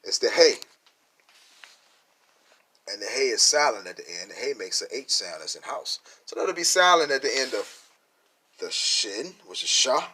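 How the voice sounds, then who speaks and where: A man teaching from scripture, speaking, who punches key words loudly and asks and answers his own questions. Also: medium pitch, sing-song, normal speed, pauses often, breathy edge. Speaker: Bible teacher.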